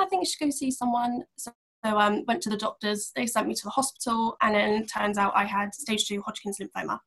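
A woman's voice: medium pitch, bright, forceful tone. A young woman answering interview questions openly and matter-of-factly. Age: young adult. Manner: open, matter-of-fact, with fillers. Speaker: podcast guest.

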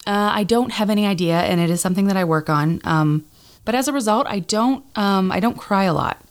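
A woman's voice: medium pitch, a little fast. A woman podcast host in casual chat, rambling and self-deprecating, with many fillers and restarts.

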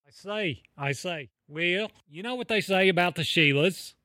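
A man's voice: high-pitched, moderate pace, bright, forceful tone, dry recording, clean studio sound. A man playing a bossy Australian podcast host in an improvised comedy sketch, scolding his co-host, with a put-on Australian accent. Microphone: close studio mic.

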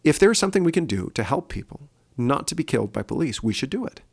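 On his one-man opinion podcast, the host talks fast in a husky, creaky voice of medium pitch that rises and falls dramatically. He's earnest, musing out loud and using lots of fillers.

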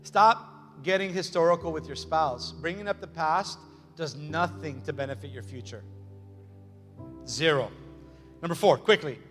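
A man's voice: on the high side, a little slow, pauses often, fairly bright tone. A man preaching a sermon as pastor, emphatic and repetitive, with joking asides. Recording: long hall reverb with faint music.

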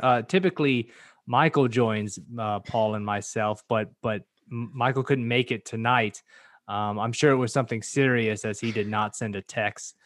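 A man hosts a casual podcast, joking and wandering off topic with plenty of fillers. His mid-range voice moves at a normal speed with a fairly bright tone, recorded clean in a studio with no room sound.

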